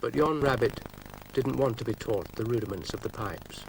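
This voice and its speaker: A man narrating a children's story in a gentle, measured way. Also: mid-range voice, gravelly, background noise.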